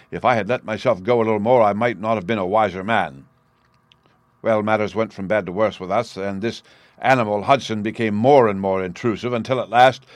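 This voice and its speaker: A man's voice: on the low side, no room sound, close to an everyday voice. A man voicing a troubled young man who tells of his family's trouble earnestly.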